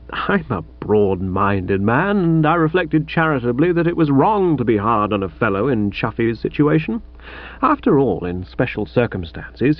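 Male narrator, comic novel, wry mock-grand delivery, lively pitch, muffled dry audiobook sound. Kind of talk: comic first-person novel reading.

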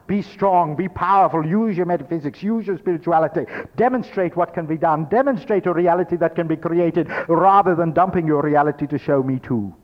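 A man with a somewhat high voice teaches a spiritual workshop, talking briskly with few pauses on a lo-fi recording. He speaks as "we," leans on emphasis and repetition, and acts out what his audience might be thinking during the lecture.

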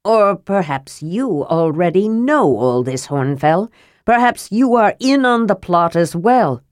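A scheming dwarf lord with a smooth, sneering delivery, as a woman reader puts him on. His voice sits low and close, with a dry, deadened sound. He speaks like a villain in a storybook. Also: animated, measured pace, a little mellow, no echo. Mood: sly. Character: scheming male dwarf ruler, sly villain.

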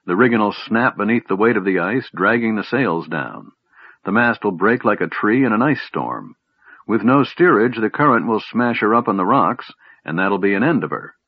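Snarling, irritable sea captain , read by a man, low and husky, dull lo-fi audio. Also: animated, normal speed, dry recording. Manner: snarling, blunt. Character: grim, irritable middle-aged male ship captain. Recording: dull lo-fi recording.

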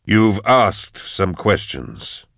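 A man's voice: lowish voice, very slow, vocal fry, no room sound, studio quality, exaggerated voice. A man voicing a grim, curt investigator. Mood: dry. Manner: curt, flat, clipped. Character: grim cold male investigator, weary and curt. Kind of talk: audiobook narration.

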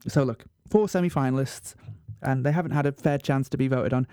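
A man's voice: mid-range voice, fairly quick, few pauses, clean tone, no echo, faint music behind. Brief: male radio presenter, playful mock gravity, dry close sound. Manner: self-mocking, mock-serious, animated. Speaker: radio host. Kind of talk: comedic radio monologue.

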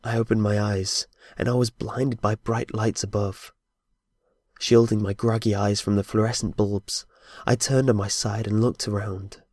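A man's voice: on the low side, level tone, a little slow, a little mellow, no echo. A man telling a first-person horror story with tense, dramatic narration. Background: faint music.

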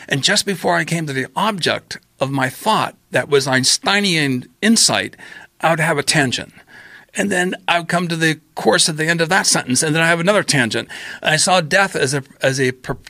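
Gravelly, bright-voiced man telling a story. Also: fairly high pitch, dry recording. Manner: animated storyteller acting out his own past lines. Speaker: podcast guest. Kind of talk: storytelling in casual chat.

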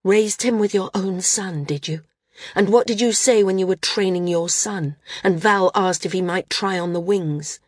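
A woman's voice: mid-range voice, normal speed, dry recording, studio quality, lightly acted. A woman voicing an angry, confrontational woman flyer with a hard, accusing delivery, in an audiobook. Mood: scornful.

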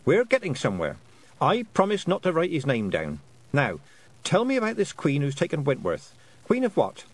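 A man voicing a brisk, sensible young country girl who asks firm, practical questions. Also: a little high, huge pitch swings, pitched above the performer's own voice. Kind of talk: audiobook character voice.

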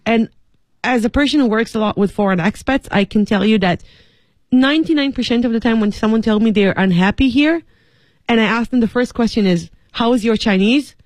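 A woman's voice: a little high, brisk, a little mellow, no echo. A woman co-hosting a radio talk show in a studio, speaking fluently and emphatically. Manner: fluent, emphatic, talks in lists. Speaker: radio co-host.

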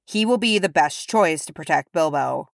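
A woman voicing a shrewd, calm old male dwarf who speaks thoughtfully. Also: sits low, normal speed, creaky, dry recording, clean studio sound. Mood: reassuring.

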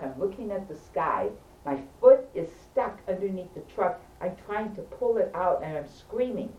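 A lowish-voiced woman, animated storyteller, recorded from a distance in an echoey room. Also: highs cut off. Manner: animated, emphatic, keeps checking in with listeners. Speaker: storyteller among friends. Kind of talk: casual anecdote. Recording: roomy, distant, faint background hum.

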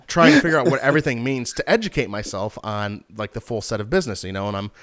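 A man's voice: mid-range voice, lively intonation, quick pace, a bit bright. A young man casually telling a rambling, exasperated story to a friend.

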